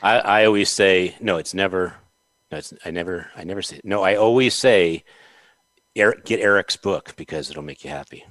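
A man's voice: deep voice, normal speed, a bit bright, no room sound. A male podcast host interviewing a guest, joking and playful.

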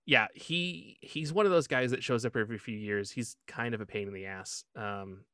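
A man's voice: medium pitch, normal speed, bright, forceful tone, clear, resonant tone, dry recording, studio quality. A man hosting his own podcast in a casual chat, rambling with lots of filler ums like a comic-book fan. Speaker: podcast host.

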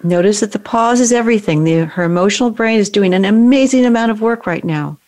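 A woman coaching someone through an emotional exercise, giving calm, directive prompts. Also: mid-range voice, quick pace. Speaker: emotional brain training coach. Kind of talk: guided coaching session.

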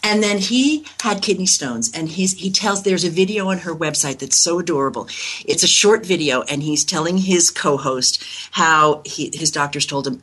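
A woman's voice: low voice, expressive, moderate pace, fairly bright tone, breathy edge. A woman in her sixties from New York, a reflexologist telling stories in an interview, rambling with many fillers and restarts. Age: 60s. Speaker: guest reflexologist. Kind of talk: interview answers.

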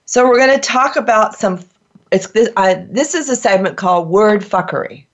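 A woman's voice: mid-range voice, animated, normal speed. Woman host, casual podcast chat, playful, emphatic, laughs easily, dull lo-fi sound.

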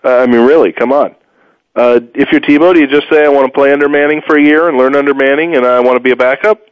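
A man's voice: fast talker, clean tone, no room sound. Guy doing solo sports talk, opinionated, rambly, dull muffled dry audio. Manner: opinionated, rambling, animated pitch jumps. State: tired, low energy.

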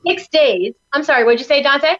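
A woman's voice: high voice, animated, fairly quick, a bit bright, lo-fi sound. A woman from New York, a parenting coach, talking as an upbeat, salesy guest on a talk show. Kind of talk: enthusiastic talk-show chat. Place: studio in Tampa.

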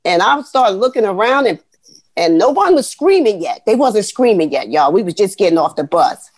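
A woman, telling animated, folksy stories as an interview guest. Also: mid-range voice, normal speed, no room sound. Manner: animated, folksy, addresses listeners as y'all. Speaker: guest, retired Army veteran. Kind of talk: storytelling interview.

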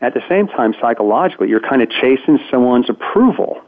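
A man's voice: mid-range voice, lively intonation, fast. A man in his fifties, a guest telling stories in an interview, acting out quotes with frequent stammered restarts. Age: 50s. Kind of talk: conversational interview. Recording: tinny phone line.

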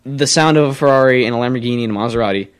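A young man co-hosting a casual car chat show, opinionated and rambling, quick to argue his point. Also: mid-range voice. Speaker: co-host.

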